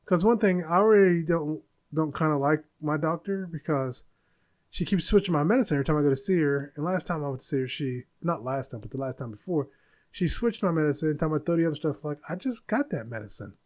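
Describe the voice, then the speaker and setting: A man's voice: a little high, lively intonation, quick pace, darkish tone. A man in his forties hosting a podcast, venting bluntly in a casual monologue. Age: 40s. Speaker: podcast host.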